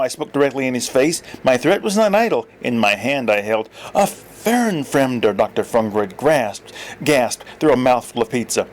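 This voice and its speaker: A man reading his own story aloud in first-person narration, giving each character a voice. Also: normal speed. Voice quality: lively, voices many characters in raised pitch.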